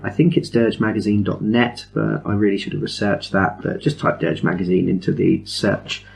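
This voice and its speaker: Man, podcast chat, lowish voice, eager rambling explanations, self-mocking asides. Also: little pitch movement, normal speed, creaky, darkish tone, a little hiss or hum. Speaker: podcast host. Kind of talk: casual chat among friends.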